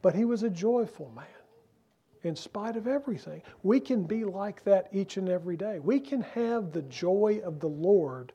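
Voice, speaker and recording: A man preaching a sermon as pastor, earnest and emphatic, asking rhetorical questions and slowing down to stress key phrases. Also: sits high, mellow, husky.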